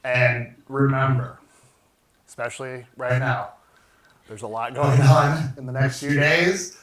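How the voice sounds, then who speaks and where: A man's voice: mid-range voice, fairly even intonation, takes it slowly, very echoey, distant mic, crowd noise, low-quality recording. A man co-hosting a home cooking livestream, chatting enthusiastically while tasting food, often trailing off mid-sentence. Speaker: cooking show co-host. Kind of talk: casual livestream chat while eating.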